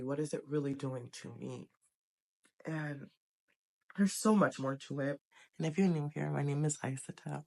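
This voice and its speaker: A woman's voice: low-pitched, dark tone. A young adult woman talking to camera in a casual vlog, earnest, emotional and encouraging. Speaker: vlogger. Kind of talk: casual heartfelt vlog talk.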